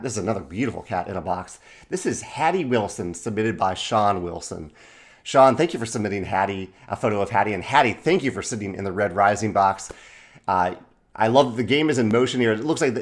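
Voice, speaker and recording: A man casually talking to camera in a video, speaking fondly with frequent fillers and restarts. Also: on the low side. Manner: halting, many restarts and fillers, affectionate. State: briefly emotional, voice catching. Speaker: board game publisher vlogging. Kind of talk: casual unscripted video talk.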